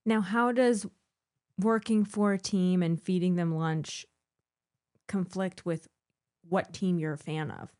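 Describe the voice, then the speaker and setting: A woman's voice: on the low side, steady tone, slow pace, pauses often, darkish tone. Woman hosting a casual interview. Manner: friendly, brief questions. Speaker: host.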